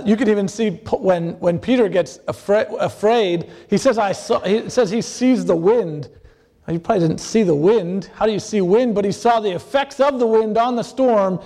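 A man preaching a sermon, halting with many fillers and restarts, acting out the voices he quotes. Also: high voice, mellow. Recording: long hall reverb.

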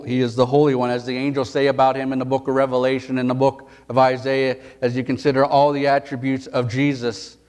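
A male pastor reading scripture and preaching a sermon, earnest and emphatic, rising in pitch and force at key points.

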